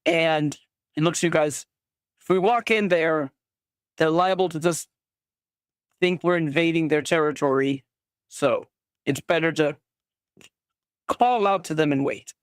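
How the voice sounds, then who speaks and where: A game master narrating a tabletop game in a casual, halting way, with many fillers and quick voices for each character. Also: medium pitch, clear, resonant tone, dry recording, clean studio sound.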